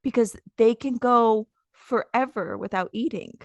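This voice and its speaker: A woman co-hosting a casual podcast, telling animated stories and acting out her own outbursts. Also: on the high side, unhurried, dry recording, highs cut off. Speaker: podcast co-host. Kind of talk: casual chat.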